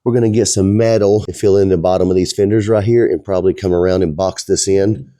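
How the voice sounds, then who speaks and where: A man's voice: low voice, fairly even intonation, fast talker, warm tone, no room sound, clean studio sound. A middle-aged man, the owner of a fabrication shop, talking casually in a rambling, folksy way as he works. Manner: easygoing, rambling, folksy talk.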